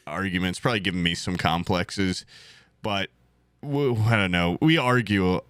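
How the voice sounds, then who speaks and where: A man's voice: sits low, moderate pace, fairly bright tone, clean tone, no echo, studio quality. A young man co-hosting a podcast in casual, jokey chat, swearing freely. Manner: swearing, jokey, mimics voices of others in bursts. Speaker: podcast co-host.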